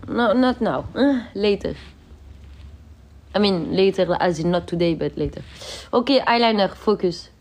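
A woman's voice: mid-range voice, expressive, measured pace, pauses often, a little mellow. A young woman, sick, chatting casually on a livestream from her bedroom, reading out viewer comments and laughing often.

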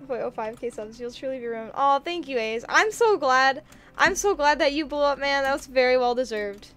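A woman's voice: high voice, a little fast, fairly bright tone. Bubbly giggly woman streamer. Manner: bubbly, giggly, reads chat aloud. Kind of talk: casual gaming stream chat.

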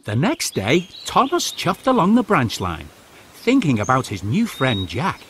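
A man narrating a children's storybook aloud in an expressive, sing-song way. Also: mid-range voice, a little slow, slight background noise.

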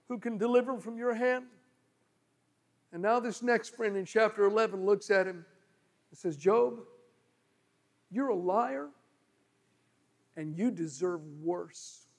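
High-voiced preacher man in a reverberant hall. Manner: storytelling preacher, swings from loud pleading to low murmurs. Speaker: pastor. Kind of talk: sermon.

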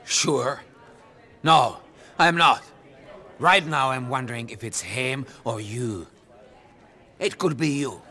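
A man's voice: medium pitch, slow pace, pauses often, sharp tone. A man playing a volatile, paranoid male mob boss in a video game, swinging from laughter to menace. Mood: menacing.

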